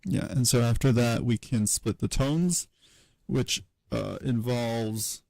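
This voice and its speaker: A man giving a casual livestream tutorial, thinking aloud at his computer in a halting way, with many fillers and self-corrections. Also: mid-range voice, vocal fry, darkish tone, dry recording, poor audio. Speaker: streamer teaching historical linguistics.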